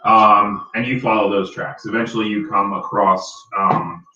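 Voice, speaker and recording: A man's voice: on the low side, level tone, a little slow. A man narrating as dungeon master in a loose, hesitant way, full of fillers. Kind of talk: narrating a tabletop game. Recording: roomy, distant, muffled, noisy.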